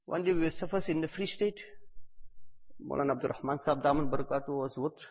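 Husky-voiced man preaching. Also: a little high, quick pace. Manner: storytelling, repeats phrases for emphasis, bursts loud on key words. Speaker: religious teacher. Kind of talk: devotional talk to a gathering. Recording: echoey hall, dull lo-fi sound.

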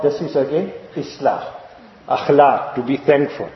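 A man preaches a sermon at a measured pace in a medium-pitched voice. He tells stories, poses rhetorical questions to the congregation, and repeats his points, all captured in an echoey lo-fi hall recording.

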